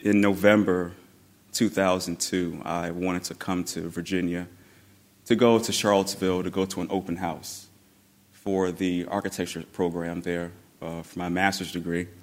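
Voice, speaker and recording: Man telling a lively family story. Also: deep voice, normal speed. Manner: animated, laughing, acts out quoted voices. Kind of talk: personal storytelling.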